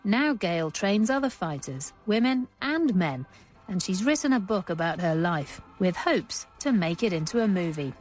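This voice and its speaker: A woman's voice: mid-range voice, very animated, a little mellow, faint music behind. Composed woman presenting a radio documentary. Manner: measured and composed. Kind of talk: scripted radio documentary narration.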